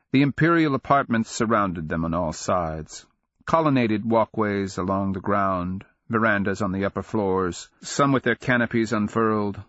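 A man narrating a fantasy audiobook in a measured, dramatic storytelling manner. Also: fairly low pitch, a bit bright, no echo, muffled recording.

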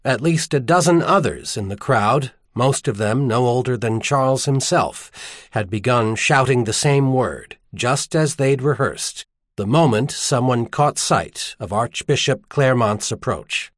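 A man narrating a novel as an audiobook in an expressive storytelling manner. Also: medium pitch, a little slow, no room sound, clean studio sound. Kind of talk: scripted narration.

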